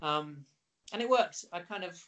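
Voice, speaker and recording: Middle-aged guy, animated storyteller, kinda high voice, chatty interview guest. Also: measured pace. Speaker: actor guest. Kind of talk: casual interview anecdotes.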